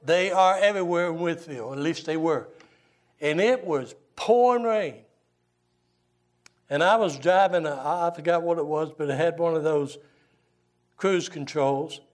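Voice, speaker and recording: An older man, a Baptist pastor preaching a sermon and telling folksy, animated stories. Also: on the high side, a little slow, pauses often. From Southern US. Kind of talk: sermon with storytelling.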